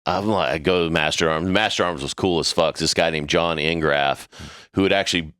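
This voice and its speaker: A middle-aged man tells a war story over the mic in loose, profane podcast chat, jumping into the voices of his old superiors as he goes. His voice sits fairly low and has a bright, forceful edge. The sound is dry and close. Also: quick pace, clean tone, no echo. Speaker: podcast crew member telling a story.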